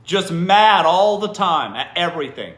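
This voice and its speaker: A man's voice: high voice, big pitch swings, measured pace, fairly bright tone, echoey room. A man hosting a live stream, giving blunt, teasing advice to viewer comments and often asking "what?" in disbelief. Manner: blunt, swears freely. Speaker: livestream host answering viewer comments. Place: indoor room during a live stream.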